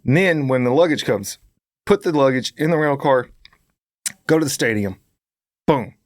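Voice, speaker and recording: A man's voice: medium pitch, moderate pace, dry recording, clean studio sound. A man co-hosting a podcast, telling a long travel story with energy and acting out the lines of people he met. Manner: animated storyteller, acts out other people's lines. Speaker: podcast co-host. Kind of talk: storytelling in casual chat.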